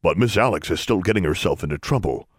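A man voicing a small, anxious house elf who speaks softly in broken grammar, near tears, in a storybook reading. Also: low voice, lively intonation, fast talker, dry recording, clean studio sound. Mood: sorrowful. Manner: soft, tiny-voiced broken grammar.

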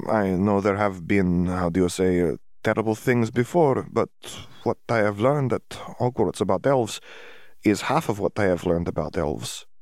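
A man reading aloud and voicing an awkward, cheerful young wizard from abroad who speaks halting, broken English and stammers while hunting for words. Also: deep voice, darkish tone, dry recording, studio quality.

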